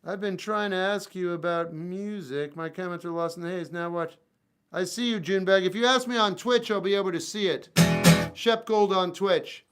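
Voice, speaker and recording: A man's voice: sits high, normal speed, fairly bright tone. A man livestreaming as a musician, talking back to viewer comments with wry, exasperated asides. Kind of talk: casual livestream chat reading viewer comments. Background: acoustic guitar playing.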